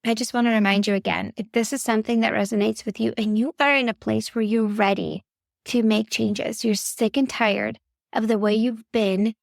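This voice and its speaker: A woman's voice: on the high side, fairly even intonation, moderate pace, creaky, no echo, clean studio sound. A woman podcast host and parenting coach giving earnest, faith-based coaching talk straight to the listener. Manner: earnest, instructive, addresses listener directly.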